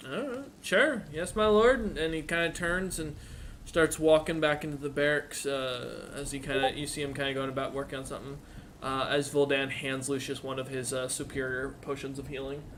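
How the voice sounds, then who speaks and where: Male game master, bright voice, stop-start casual narration over a low hiss. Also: little pitch movement. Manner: halting, many fillers. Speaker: dungeon master.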